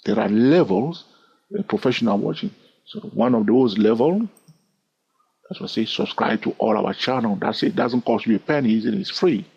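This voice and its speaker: A man with a non-native English accent walks through trading charts in a chatty, teasing way, his pitch swinging up and down as he talks. His voice is a little husky. The recording sounds dull and lo-fi. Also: animated, normal speed, darkish tone. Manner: chatty, teasing, checks in with "all right?". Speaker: trading educator. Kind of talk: screen-recorded chart lesson.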